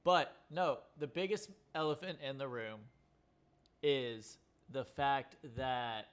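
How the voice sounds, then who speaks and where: A man's voice: mid-range voice, steady tone, takes it slowly, smooth. A man co-hosting a casual movie review podcast, blunt and insistent about his point. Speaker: podcast co-host.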